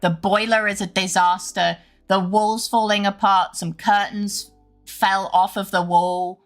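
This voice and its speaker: A woman's voice: mid-range voice, little pitch movement, a little slow, soft background music. A woman streamer chatting casually with her viewers, rambling and laughing often.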